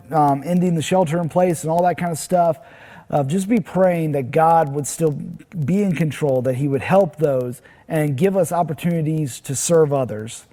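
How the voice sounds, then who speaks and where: A man's voice: fairly high pitch, warm tone. A man speaking as a pastor, giving a short, earnest devotional message in a plain, conversational way with some restarts. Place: church.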